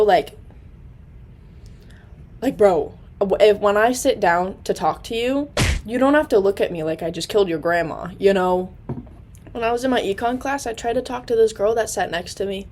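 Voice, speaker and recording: A nineteen-year-old woman recording a casual diary vlog at home on her laptop. She rambles in a chatty, self-deprecating way, full of fillers and quick asides. Her voice sits at an ordinary middle pitch for a woman. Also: darkish tone, a little hiss or hum. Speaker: college student vlogger. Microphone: laptop camera.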